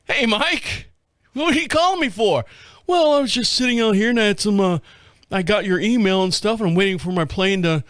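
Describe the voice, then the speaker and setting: A man acting out a friendly male software company founder, who talks in an upbeat and reassuring way. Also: high voice, fairly quick, smooth, dry recording, pitched above the performer's own voice.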